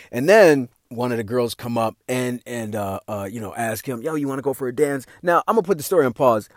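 A man telling a casual anecdote in a slangy, profane, animated way. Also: medium pitch, dry recording, studio quality. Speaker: storyteller.

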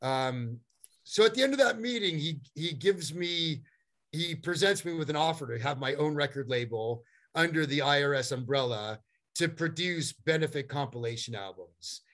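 Animated middle-aged man telling stories. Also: fairly high pitch, normal speed. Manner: animated, rambling, many fillers and restarts. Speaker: guest. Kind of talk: storytelling in a conversation.

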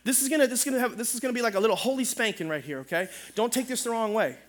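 A middle-aged male pastor preaching a sermon in an animated, humorous way, calling out for amens. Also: extremely high pitch, rapid-fire.

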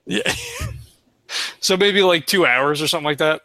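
A man telling his part in a tabletop game in an animated way, swearing a lot. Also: on the high side, moderate pace, dry recording. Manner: animated storytelling, swears often. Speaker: player. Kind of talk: casual tabletop role-play.

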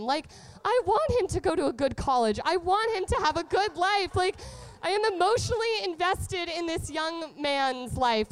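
A woman's voice: sits high, smooth. A young woman telling a candid, profane comedy story, full of "like" fillers. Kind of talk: stand-up storytelling.

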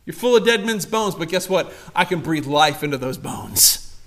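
A man voicing Jesus, speaking softly and tenderly to a lost young man. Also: on the high side, expressive, normal speed, pitched below the performer's own voice.

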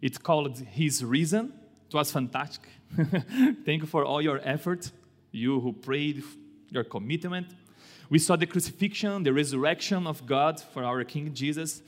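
Slow, deliberate male pastor preaching. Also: animated. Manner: slow, deliberate delivery with dramatic swings in pitch and loudness. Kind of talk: sermon. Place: church. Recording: echoey church hall.

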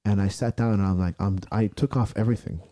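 Intense, profane man with a dark voice. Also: on the low side, fairly even intonation, quick pace, no echo, clean studio sound. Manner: intense, profane storytelling, acting out his own shouted self-talk. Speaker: strongman athlete and podcast guest. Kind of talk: casual podcast conversation.

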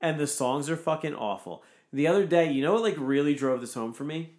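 A man's voice: on the high side, expressive, a little fast, a little mellow. A man in casual podcast chat who rants emphatically and swears constantly. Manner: profane, ranting, emphatic.

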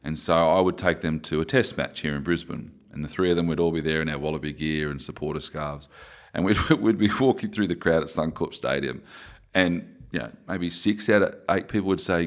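A former rugby player in his forties with an Australian accent is a guest in a conversational interview. His low voice moves a little fast as he tells stories, rambling and correcting himself along the way.

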